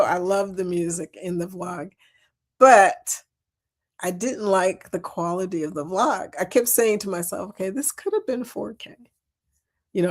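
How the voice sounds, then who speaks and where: A woman hosting a casual livestream, chatty and giggly, calling her viewers y'all as she reads their comments. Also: mid-range voice. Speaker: livestream host. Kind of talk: casual live chat reading comments.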